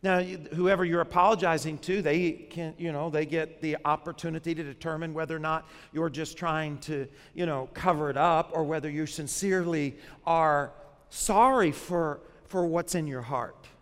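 A man's voice: fairly high pitch, fairly even intonation, moderate pace, big-room sound. A man, a pastor, preaching a sermon in a conversational way, often putting questions to the congregation.

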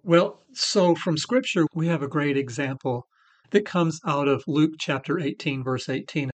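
A man's voice: a little high, unhurried. A middle-aged man co-hosting a faith-based recovery talk, sharing his personal testimony earnestly. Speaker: recovery podcast co-host.

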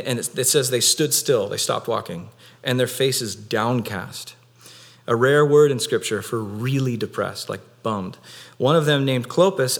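A young man preaching an Easter sermon in a casual, conversational way, with many fillers. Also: medium pitch. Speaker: pastor.

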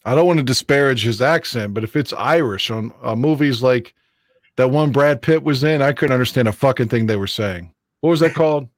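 A man in casual sports chat, excitable and profane, rambling with restarts as he argues his points. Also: mid-range voice, a little fast, dry recording, clean studio sound. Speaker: co-host of a sports fan show.

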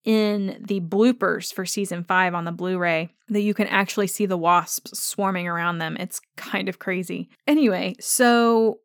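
A woman's voice: fairly low pitch, steady tone, no echo. Gushing woman podcast host, dry close sound. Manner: gushing and enthusiastic, speeding up in rushes. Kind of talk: casual fan podcast commentary.

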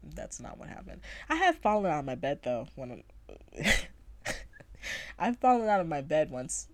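A woman's voice: low voice, big pitch swings, unhurried. A young woman telling a personal story in casual podcast chat, rambling with lots of fillers and restarts. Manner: chatty, rambling, many fillers and self-corrections.

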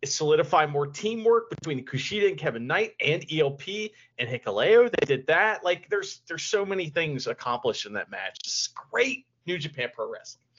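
Animated bright-voiced man, podcast co-host. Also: a little high, normal speed, few pauses. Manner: animated, laughing, mock-serious. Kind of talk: casual chat reviewing wrestling. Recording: dull lo-fi podcast audio.

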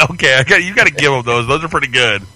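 Profane, bright-voiced podcast co-host man. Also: on the high side, animated, fairly quick, no room sound, poor audio. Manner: profane, laughing, playing a video game while talking. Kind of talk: casual wrestling chat.

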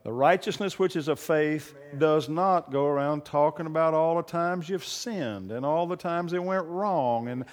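A pastor delivering a sermon, drifting between relaxed conversational asides and loud, fervent declarations. His voice sits high for a man. The sound carries a long reverb, as if recorded in a large church hall. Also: a little slow, hardly any pauses. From raised on a farm. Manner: builds from low conversational talk to loud preaching.

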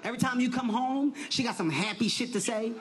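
A man doing a stand-up comedy set, loud and animated, often shouting his punchlines. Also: very high voice, a little fast, noisy background.

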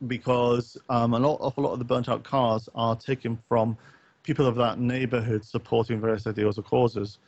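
A man thinks aloud in a loose late-night chat, circling back with "um"s and false starts and tossing in the odd swear word. His voice sits at an ordinary middle pitch. The sound is muffled and lo-fi, with a dry, close feel and no room around it. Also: fairly even intonation, normal speed, a little mellow, no echo. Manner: rambling, many fillers and restarts, casual swearing. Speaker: co-host of a gaming talk stream.

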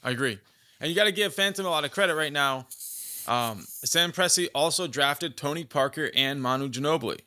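Bright, sarcastic man talking sports. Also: fairly high pitch, a little fast. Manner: sarcastic, animated, fan arguing back. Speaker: podcast co-host. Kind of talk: casual sports talk.

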